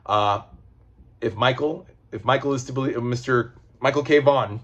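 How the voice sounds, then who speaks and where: A man's voice: medium pitch, moderate pace, fairly bright tone, dull audio. A man giving a casual, rambling comic book review, loose and profane.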